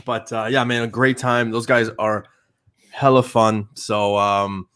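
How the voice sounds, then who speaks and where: A man's voice: fairly low pitch, little pitch movement, measured pace, a bit bright, clear, resonant tone. A man from Canada hosting a casual livestream chat, joking and loose with lots of fillers. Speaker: livestream host.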